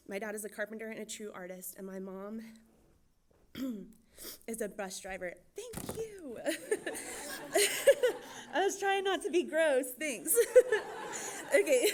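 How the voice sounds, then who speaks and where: A young woman, a church children's director from Georgia, gives a nervous personal testimony, talking quickly and laughing often. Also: a little high. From Georgia, USA.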